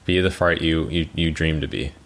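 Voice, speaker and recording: A young man co-hosting a podcast in casual chat, telling stories with swearing and sudden high mocking voices. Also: normal speed. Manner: animated storytelling, swearing, jumps into high mocking voices for quotes. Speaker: podcast co-host.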